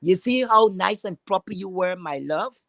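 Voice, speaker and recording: Gravelly woman ranting. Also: medium pitch, lively intonation, moderate pace, dry recording. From Trinidad. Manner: profane, heated, emphatic ranting. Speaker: livestream guest. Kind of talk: casual live chat rant.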